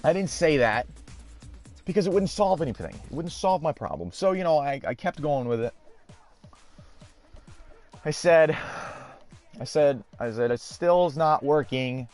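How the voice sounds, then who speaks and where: A man's voice: on the high side, big pitch swings, a little slow, long pauses, a little mellow, soft background music. A man hosting a gaming video, telling a story in a rambling, exasperated way and swearing casually. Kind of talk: casual storytelling over gameplay.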